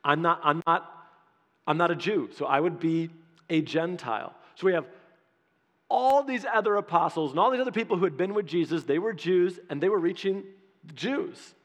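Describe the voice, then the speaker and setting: A pastor preaching a sermon in an animated, conversational way, acting out quotes as he goes. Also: a little high, moderate pace. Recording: long hall reverb.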